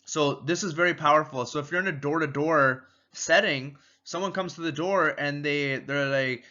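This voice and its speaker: Bright-voiced man teaching sales rapport. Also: fairly high pitch, normal speed, dull audio. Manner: energetic, repetitive, acts out little door-step exchanges. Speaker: sales and marketing trainer. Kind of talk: casual teaching video.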